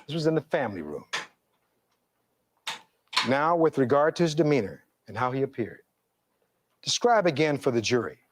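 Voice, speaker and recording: Male defense attorney, middle-aged; oratorical courtroom delivery, reads testimony, average pitch. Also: slight background noise. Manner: oratorical, reads testimony aloud, rhetorical questions. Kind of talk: courtroom closing argument.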